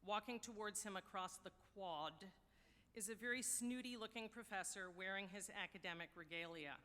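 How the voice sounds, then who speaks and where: American woman, university official, podium speech, bright voice, long hall reverb. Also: mid-range voice. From United States. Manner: wry, anecdotal, measured. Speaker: university deputy provost. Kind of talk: ceremonial address. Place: large ceremony hall.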